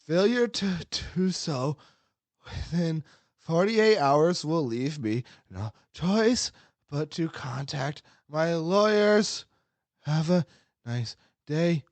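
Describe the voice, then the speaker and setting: A man doing a sweaty, pompous young guy, drawn-out self-important delivery, slow and a touch higher. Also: expressive, no echo.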